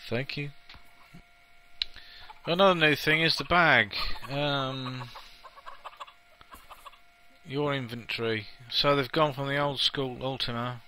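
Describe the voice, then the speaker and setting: A man giving casual, chatty commentary as he plays a game, opinionated and quick to laugh at himself. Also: mid-range voice, fairly even intonation, sharp tone, a little hiss or hum, rough recording. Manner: chatty and opinionated, with frequent laughs and playful asides. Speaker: let's play gamer.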